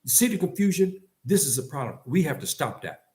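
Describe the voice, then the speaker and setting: A man's voice: fairly high pitch, very animated, fairly quick, a little mellow. Emphatic older man, voice swinging up and down. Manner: emphatic, repetitive, rhetorical questions; blunt and scolding. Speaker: commentator addressing his community. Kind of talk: impassioned spoken monologue.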